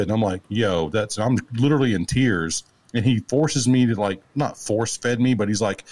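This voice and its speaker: A man, telling stories as a guest in casual chat, animated and laughing. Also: fairly low pitch, normal speed, few pauses. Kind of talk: casual storytelling.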